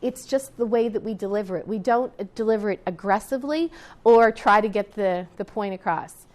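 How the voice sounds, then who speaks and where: A woman's voice: medium pitch, normal speed, darkish tone. A middle-aged woman teacher and etiquette counselor, chatting to her students as she tells a story from her teaching days, often restarting sentences and adding asides to the class.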